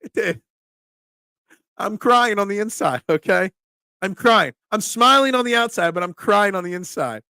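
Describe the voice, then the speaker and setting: This man's voice sits high and moves at normal speed, with a clear, resonant tone captured in a clean studio without echo. Hosting a casual sports talk live stream, he reads chat comments aloud and fires back emphatic, animated opinions.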